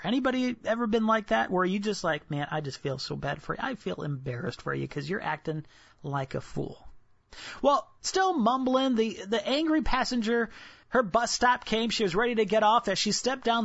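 With a voice that sits high, a male pastor delivers a sermon full of animated stories and rhetorical questions for the congregation. The recording is dry and lo-fi.

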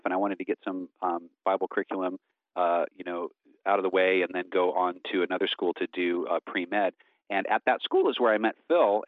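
Low-voiced man on a tinny line. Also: no room sound. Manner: earnest, halting, many fillers. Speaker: interview guest, voice actor. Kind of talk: casual interview talk.

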